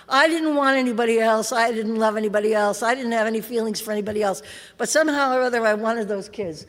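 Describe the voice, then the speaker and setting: Middle-aged woman speaker, pitch a bit high, salty wry storytelling, long hall reverb. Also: fast talker. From California. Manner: streetwise, wry storyteller, laughs through the story. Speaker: AA convention speaker. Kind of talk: recovery talk, personal story. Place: convention hall. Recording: live convention hall reverb.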